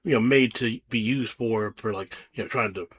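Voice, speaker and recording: A man's voice: on the low side, moderate pace, breathy edge. A man co-hosting a podcast, chatting casually and rambling, trailing off with fillers. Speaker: podcast co-host. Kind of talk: casual chat.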